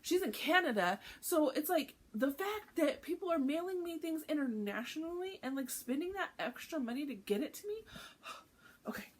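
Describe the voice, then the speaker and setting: A woman's voice: sits high, lively intonation, moderate pace. A woman hosting a cross-stitch vlog in casual chat, candid and heartfelt, often laughing. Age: adult with a teenage son.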